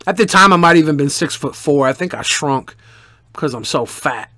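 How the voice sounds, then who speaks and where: A man with a fairly high voice telling stories in a loose, animated, profane way, boasting as he goes. The sound is dry and close, with no room around it. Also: normal speed, dry recording. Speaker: streamer answering viewer questions. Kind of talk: casual storytelling.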